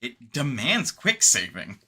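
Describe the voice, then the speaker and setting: A man's voice: medium pitch, huge pitch swings, slow pace, bright, forceful tone, husky. A man streaming games, wrapping up in casual rambling chat, tired and yawning late at night. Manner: rambling, laid-back, sleepy.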